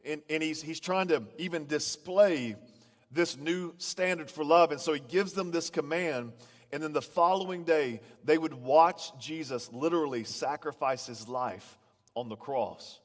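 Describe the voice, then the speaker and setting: A male pastor with a higher voice preaches unhurriedly in a church auditorium, where the large hall adds long reverb. He tells stories conversationally and often repeats the first words of his sentences.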